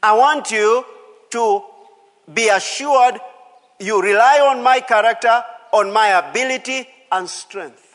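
A male pastor delivers a sermon with a notably high voice, leaning hard on key words and repeating them for the congregation. His voice rings out with the long reverb of a church hall. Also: slow pace, a bit bright. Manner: emphatic, repeats key phrases, calls out to the congregation.

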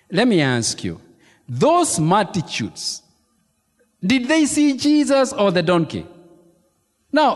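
A man preaches a sermon in a high, restless voice that leaps up and down as he drives his points home. He repeats key phrases and keeps firing questions at his congregation. His words ring out with the long reverb of a large church hall. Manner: animated preaching with emphatic repetition and congregation questions. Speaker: pastor.

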